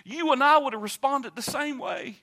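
Pastor guy preaching in church, really high bright voice, gets loud and fired up. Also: normal speed. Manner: builds from low calm to loud impassioned preaching. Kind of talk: sermon. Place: church sanctuary.

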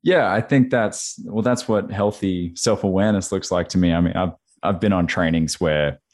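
A man's voice: low voice, normal speed, darkish tone. A young man, chatting in a laid-back, slangy way and swearing. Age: young adult. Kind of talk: casual chat.

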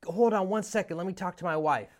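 A man's voice: high-pitched, fast talker, voice pushed up, natural voice. A man voicing a skeptical stranger who keeps telling the caller he is crazy, in an exasperated, incredulous way. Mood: hesitant. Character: skeptical man woken by a late-night call, incredulous.

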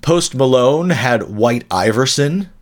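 A man's voice: mid-range voice, expressive, slow pace. A man co-hosting a podcast in casual chat, rambling along with dry humor and frequent self-corrections. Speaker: podcast co-host.

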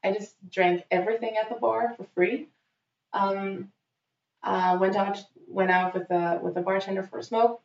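Animated young woman, sweary storyteller. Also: medium pitch, moderate pace. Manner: animated, swears freely, acts out quotes. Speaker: guest telling a story. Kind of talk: casual storytelling. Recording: dull roomy recording.

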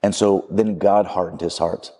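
A man's voice: low voice, fairly even intonation, normal speed, mellow, slightly rough, big-room sound. A man preaching a sermon in a conversational, storytelling way, acting out the quotes as he goes.

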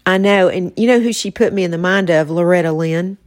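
A podcast host talks casually about faith in a soft-spoken, reflective manner, fairly quickly, her voice a little low for a woman. The recording is dry and close-miked, with no room sound.

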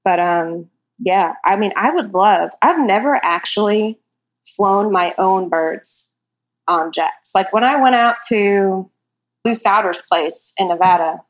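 A woman's voice: mid-range voice, slow. A young woman in her twenties, a falconer, chatting casually and telling stories with lots of fillers. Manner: chatty storyteller, many likes. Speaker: guest falconer. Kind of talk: casual chat.

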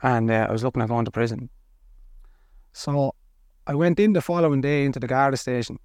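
Middle-aged Irish man, blunt candid storyteller, mid-pitched, dry close mic. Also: a little fast, a little mellow, no room sound. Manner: earnest, blunt, colloquial. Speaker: podcast guest.

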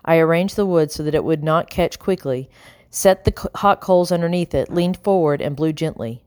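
Low-voiced woman narrating an audiobook. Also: normal speed, a little mellow, clear, resonant tone, no echo, clean studio sound. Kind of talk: scripted narration.

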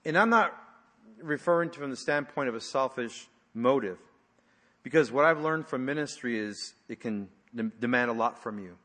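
A pastor preaching a sermon in a church, telling stories in a conversational way with fillers and sometimes dropping to a hushed voice. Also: male voice, medium pitch, animated, normal speed. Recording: long reverb of a large hall.

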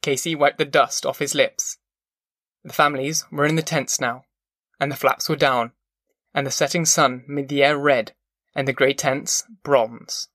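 A male narrator reads the novel in a measured, even way. His voice is bright and forward, and the close studio sound is completely dry. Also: medium pitch, no echo. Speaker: audiobook narrator. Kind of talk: scripted audiobook narration.

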